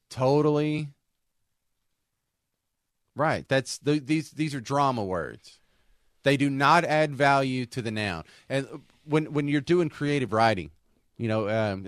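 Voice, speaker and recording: A man's voice: fairly low pitch, dry recording, studio quality. Rambling man on a talk show. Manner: rambling, self-interrupting with restarts. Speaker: co-host. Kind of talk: casual talk show banter.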